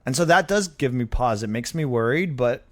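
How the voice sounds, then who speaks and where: A man's voice: mid-range voice, animated, fairly quick. Young man telling stories with fired-up emphasis. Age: young adult. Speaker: guest physician. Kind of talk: casual interview storytelling. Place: medical clinic.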